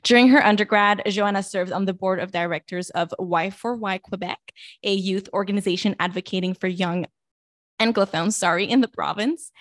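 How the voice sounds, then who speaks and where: A woman's voice: mid-range voice, fairly bright tone, dry recording, studio quality. A woman co-hosting a podcast, chatty and bubbly, often laughing at herself as she introduces guests. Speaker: podcast co-host. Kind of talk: casual podcast chat.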